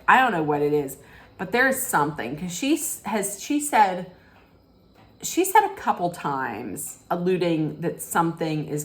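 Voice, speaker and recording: A woman in a casual, gossipy recap, talking slowly and taking her time. Her voice sits a little low, and she rambles from one point to the next, slipping into the quotes as she goes. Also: a bit bright. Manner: rambling storytelling, acts out quotes. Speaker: reality TV recapper.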